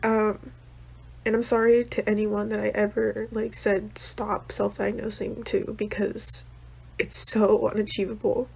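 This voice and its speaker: A young woman speaks to camera in a husky, gravelly voice that stays flat. Her nose is stuffy from being upset, and her tone is earnest and apologetic. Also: mid-range voice, unhurried. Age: young adult. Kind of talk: casual vlog rant.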